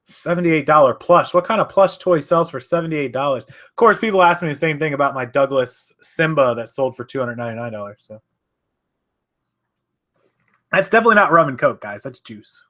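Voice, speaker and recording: A man's voice: fairly high pitch, animated, quick pace, few pauses, a bit bright. A man hosting a casual live stream from his home office, chatting loosely, correcting himself and answering viewers' comments. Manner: rambling, chatty, self-correcting.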